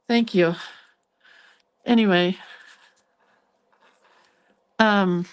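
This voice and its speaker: A woman's voice: mid-range voice, steady tone, extremely slow, pauses often. A woman hosting a hand-lettering livestream, chatting in a rambling, reminiscing way while she draws in her living room at home. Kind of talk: casual chat while drawing.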